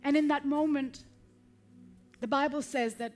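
High-voiced woman preaching with rising intensity. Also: fairly even intonation, measured pace, faint music behind. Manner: rhythmic repetition, building to loud emotional peaks then dropping soft. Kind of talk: sermon.

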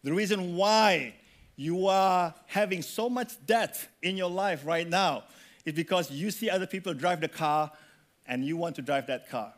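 Male pastor, high voice, lively conversational sermon, prods the congregation with questions. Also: measured pace. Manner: animated, conversational preaching with audience questions.

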